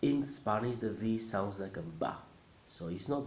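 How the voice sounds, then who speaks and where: A man teaching a language in a video lesson, lively and emphatic, repeating words slowly for practice. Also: fairly low pitch, a little hiss or hum. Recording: echoey room, dull lo-fi sound.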